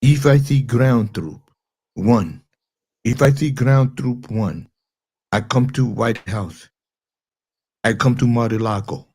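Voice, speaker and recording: A man's voice: mid-range voice, slow pace, long pauses, darkish tone, slightly rough. A man voicing a blustering foreign strongman in a mock Russian accent, making comic threats in broken English during an impression skit. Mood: taunting.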